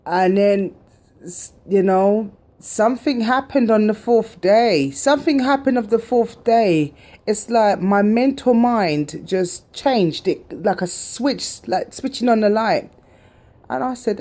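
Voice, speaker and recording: A woman's voice: sits low, unhurried, mellow. A British woman vlogging and telling a personal story in an emphatic way, repeating phrases for stress.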